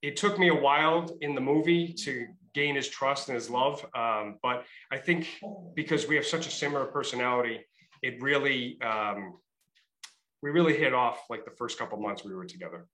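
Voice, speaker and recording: Brief: middle-aged man, New England accent, bright forward tone, chatty guest who tells stories. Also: medium pitch, normal speed, roomy sound, low-quality recording. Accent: Massachusetts and Rhode Island. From Massachusetts. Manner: chatty storyteller, many fillers and restarts. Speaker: state trooper, interview guest. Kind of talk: casual interview.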